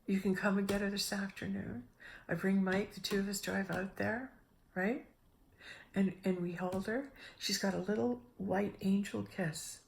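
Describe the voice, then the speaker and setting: A middle-aged woman giving a casual spiritual talk, telling a personal story with lively restarts and acted-out inner voices. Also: mid-range voice, moderate pace, vocal fry, a little hiss or hum. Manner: animated, restarts often, acts out her own inner voices. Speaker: spiritual speaker.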